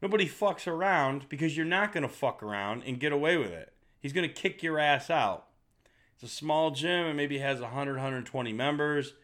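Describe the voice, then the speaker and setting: A man's voice: on the high side, lively intonation, moderate pace, fairly bright tone. A middle-aged man doing a profane, heated rant to camera as a fitness vlogger. He talks bluntly and swears constantly.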